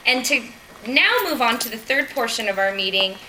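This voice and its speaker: A woman's voice: fairly high pitch, normal speed, bright, forceful tone, slight background noise, low-quality recording. A woman from Southern California giving a chatty, rambling impromptu speech at a club meeting, laughing as she goes. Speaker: Toastmasters speaker and meeting toastmaster.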